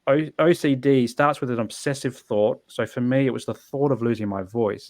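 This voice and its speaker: A man's voice: mid-range voice, vocal fry, a little mellow, dry recording. A man telling his personal story as a podcast guest, earnest and reflective, often restarting his sentences.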